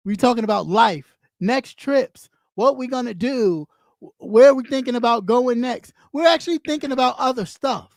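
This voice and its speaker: Blunt, high-voiced woman ranting. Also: normal speed, a little mellow, dry recording, studio quality. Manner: blunt, profane, scolding; repeats lines for emphasis. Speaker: live stream host. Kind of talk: ranting live stream commentary.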